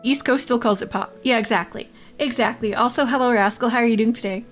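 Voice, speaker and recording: A woman's voice: on the high side, fast, faint music behind. A woman from Canada, chatting casually with her livestream chat, rambling and laughing often. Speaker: VTuber streamer.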